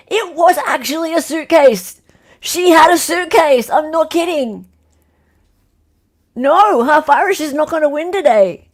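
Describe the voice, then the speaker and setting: An Australian woman hosting a livestream quiz, playfully reading out multiple-choice options slowly and repeating them. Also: high-pitched. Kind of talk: casual livestream chat.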